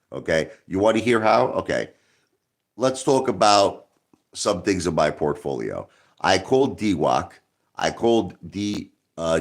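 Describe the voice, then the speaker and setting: Man, livestream host, combative rant, lower voice, pitch swings up and down a lot. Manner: combative, repeats himself, talks straight to viewers. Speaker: live stream host.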